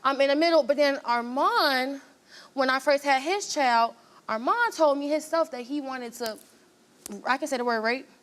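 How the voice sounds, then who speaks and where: A woman's voice: high-pitched, normal speed. A woman, a talk show guest, telling her story with feeling and acting out the quoted voices. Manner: animated, acts out quoted voices.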